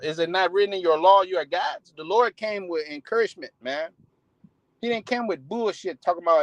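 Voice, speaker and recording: A man's voice: sits high, brisk, dry recording, poor audio. A man preaching in a casual, heated style, swearing often and restarting his sentences. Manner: heated, profane, many restarts. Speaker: street preacher. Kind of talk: casual sermon with profanity.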